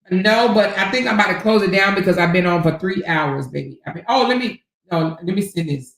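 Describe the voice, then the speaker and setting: A woman's voice: mid-range voice, a little fast, gravelly, fairly bright tone, distant mic. A woman hosts a livestream, talking bluntly and sassily, swearing freely and calling listeners honey and child. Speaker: livestream host. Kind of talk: casual livestream commentary. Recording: echoey room, off mic.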